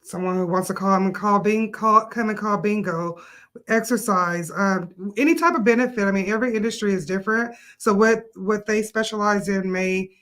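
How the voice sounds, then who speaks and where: A woman who owns an adult day care business, explaining her services in a measured way with frequent fillers. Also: mid-range voice, fairly bright tone. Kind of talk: casual interview answers.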